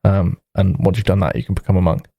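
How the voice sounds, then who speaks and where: A man's voice: deep voice, fast talker, gravelly, dark tone, no room sound. A man voicing a matter-of-fact monk who won't reveal a secret, in a spoken joke. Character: calm, secretive male monk.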